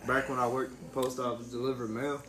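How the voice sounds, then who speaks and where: A laid-back man chats and tells a story, laughing along and cursing casually. His voice sits at a middle pitch and echoes in a roomy space. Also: little pitch movement, fast. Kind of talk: casual chat.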